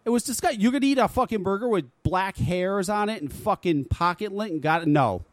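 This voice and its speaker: A man's voice: sits high, expressive, fairly quick, no room sound. A man hosting a talk radio show, ranting casually and swearing freely in an exasperated way.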